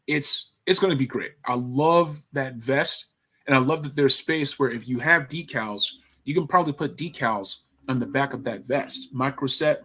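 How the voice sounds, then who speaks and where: A man hosting a casual livestream about toy figures, excitable and slangy, laughing often and talking to his viewers. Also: mid-range voice.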